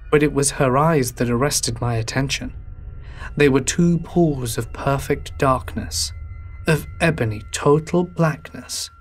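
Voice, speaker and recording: A man narrates a scripted horror tale in a measured, somber delivery. His voice sits in a plain middle range for a man, and he keeps the telling steady. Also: medium pitch.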